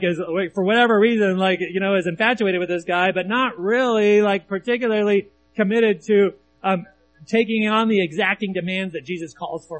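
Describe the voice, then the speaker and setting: A male preacher with a voice a bit higher than most men talks through a sermon in a casual, conversational way, often asking his listeners to agree. A faint mains hum sits under the recording. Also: low-quality recording. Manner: conversational, often asks the audience "right?"; reads scripture aloud between comments.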